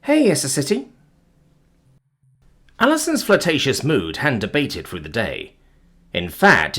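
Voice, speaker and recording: A man's voice: on the low side, fairly bright tone, breathy edge. A man narrating a science fiction story expressively as an audiobook reader.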